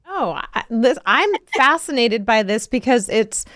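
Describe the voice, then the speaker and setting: A woman's voice: fairly high pitch, lively intonation, a little slow, a bit bright, dry recording. A woman hosting a podcast interview, effusive and full of enthusiastic interjections. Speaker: podcast host. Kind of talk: casual interview.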